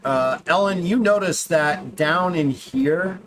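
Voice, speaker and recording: Male game master, relaxed scene-setting delivery, a little high-pitched. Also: slow, a little hiss or hum. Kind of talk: narrating a tabletop game.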